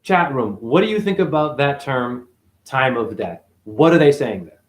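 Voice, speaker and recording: A man talking straight to his live chat in a rambling spiritual rant. His voice sits at a middle pitch, but it leaps up into loud bursts and drops to low mutters, with plenty of swearing. It sounds like a home webcam or phone mic. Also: expressive, moderate pace. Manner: profane, swings between loud high outbursts and low mutters. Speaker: livestreamer.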